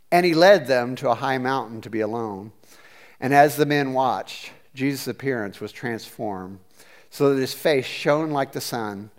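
A man preaching a conversational sermon, chatty and animated, with hesitant restarts as he talks. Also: medium pitch. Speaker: pastor.

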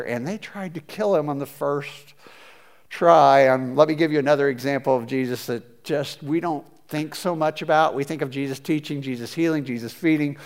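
A man preaching a conversational sermon, chatty and animated, with hesitant restarts as he talks. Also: a little high, moderate pace. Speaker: pastor.

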